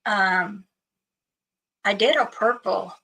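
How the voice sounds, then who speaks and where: A woman's voice: medium pitch, slow, pushed and bright, slightly rough, low-quality recording. A woman hosting a livestream, chatting casually with viewers and telling stories in a loose, rambling way. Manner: chatty storytelling, greeting viewers. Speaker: livestream host.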